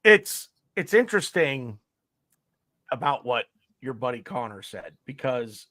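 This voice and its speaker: A man's voice: medium pitch, big pitch swings, unhurried, sharp tone. A man hosting a fan podcast, asking questions with hesitant restarts. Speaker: podcast host. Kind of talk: casual chat.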